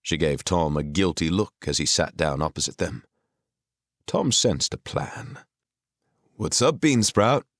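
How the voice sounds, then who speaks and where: A man narrating a fantasy audiobook with expressive storytelling on a close studio mic. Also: very deep voice, measured pace, no echo. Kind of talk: scripted narration.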